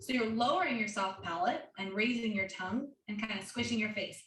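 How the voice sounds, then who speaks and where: A woman's voice: mid-range voice, brisk, a bit bright. A woman guest voice coach teaching an online singing lesson in an upbeat way, demonstrating odd sounds. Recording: roomy, distant mic with faint noise.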